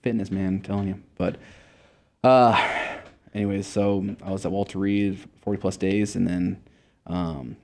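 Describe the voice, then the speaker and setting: Low gravelly young man, laid-back. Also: fairly even intonation, normal speed, warm tone. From Montana, USA. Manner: laid-back, heavy swearing, many fillers. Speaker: interview guest. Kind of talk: casual storytelling interview.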